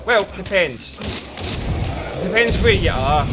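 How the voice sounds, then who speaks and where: Scottish man, high bouncy voice, gaming stream chat, swears a lot, noisy audio. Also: sing-song, unhurried, long pauses. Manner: swears freely, laughs often.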